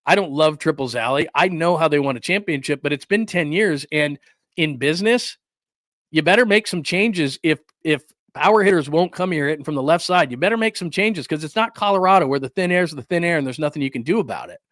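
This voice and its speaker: A man hosting a solo sports livestream rants in a slightly high voice, with quick asides and laughs, and he stops to greet viewers in the chat. The sound is close and dry, with no room echo. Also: animated, fairly bright tone. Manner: reads and answers live chat. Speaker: sports talk host.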